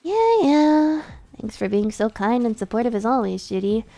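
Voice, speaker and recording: This streamer's voice runs on the high side at a moderate tempo as she reads game lines for a young vampire woman who owes rent. She makes the character frantic, whiny and excitable, full of panic.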